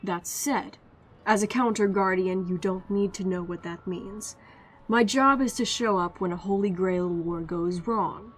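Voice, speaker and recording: A woman voicing a stoic, somewhat cocky male archer hero from a game, in a lowered, guarded voice. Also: natural voice. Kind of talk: voicing game characters on stream.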